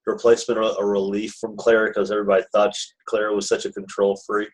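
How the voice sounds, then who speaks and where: A man's voice: on the low side, monotone, fast talker. A man on a casual fan podcast, asking questions and making wry, joking asides.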